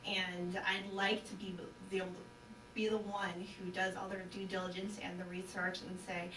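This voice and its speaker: A woman's voice: mid-range voice, little pitch movement, moderate pace. A woman speaking as a hypnosis client in a casual interview, hesitant and full of fillers. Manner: hesitant, many fillers, self-conscious. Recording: roomy, distant mic, noisy background.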